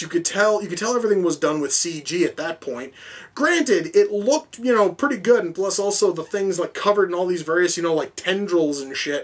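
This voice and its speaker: A man giving a casual, profane, exasperated film review, rambling as he goes. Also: high voice.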